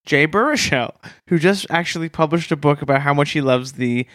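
Chatty Canadian man, slightly high voice. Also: a little fast, a bit bright, no room sound, studio quality. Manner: chatty, steers the talk with prompts. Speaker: podcast co-host. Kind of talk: casual comedic chat.

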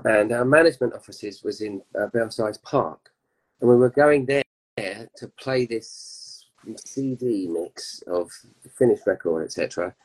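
Guy musician, low voice, rambling chatty stories, laughs a lot. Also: measured pace, breathy edge, poor audio. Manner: chatty storyteller, laughs often. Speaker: guest musician. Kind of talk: casual chat.

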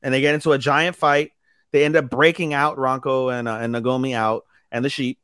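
A man's voice: medium pitch, flat delivery, a little fast, a bit bright, clean tone, dry recording, studio quality. A man co-hosting a casual anime podcast, retelling an episode with lots of swearing and acted-out quotes. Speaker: podcast co-host. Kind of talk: casual anime recap chat.

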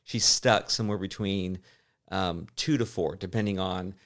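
A man in his forties co-hosts a podcast in casual chat, rambling, cutting himself off mid-sentence and laughing easily. His low voice sounds a bit bright and runs at normal speed.

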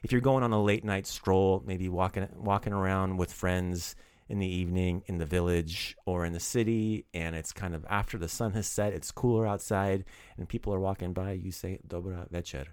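A man's voice: sits low, steady tone, normal speed, darkish tone, clean tone, no room sound. A man teaching a casual podcast language lesson, upbeat and playfully teasing his student.

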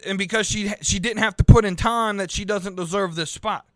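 A young wrestling podcast host delivers casual, heated ranting in a high, slightly bright voice with a steady tone and normal speed, recorded without echo. He swears constantly, wanders off track, and often starts sentences over.

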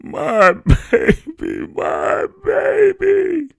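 A man voicing a grief-stricken young mother who wails and shrieks her words in long, drawn-out cries. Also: extremely high pitch, wildly swooping pitch, vocal fry, dry recording, pitched above the performer's own voice, exaggerated voice. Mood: wailing. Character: frantic grieving young mother, screaming.

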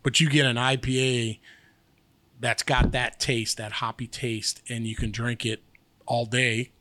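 A man's voice: medium pitch, little pitch movement, measured pace, background noise. A man co-hosting a podcast in rambling, sarcastic casual chat. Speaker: podcast co-host.

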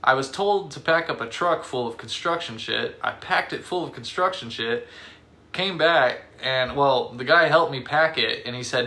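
A young man co-hosting a podcast, telling stories in a rambling, halting way with lots of fillers, a bit tipsy from beer. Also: mid-range voice, bright, forceful tone. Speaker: podcast co-host. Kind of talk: casual chat.

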